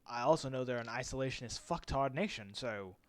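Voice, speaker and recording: A man's voice: medium pitch, expressive, fairly quick. A man running a tabletop game as game master, casual and hesitant, with many fillers.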